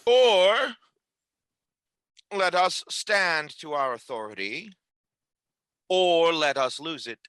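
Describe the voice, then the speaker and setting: An actor playing a stern Roman tribune who gives orders in a commanding, declamatory way. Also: male voice, on the high side, expressive, slow pace, pauses often, fairly bright tone, clean tone, no echo. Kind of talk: stage play reading.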